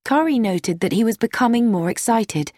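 Expressive woman narrating an audiobook. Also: on the high side, no room sound, clean studio sound. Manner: measured storytelling. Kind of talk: scripted narration.

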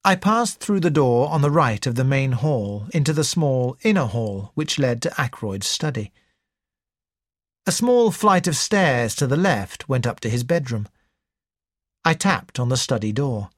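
A man reading a mystery novel aloud in the first person as an audiobook narrator, in a measured, expressive way. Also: mid-range voice, no room sound, clean studio sound.

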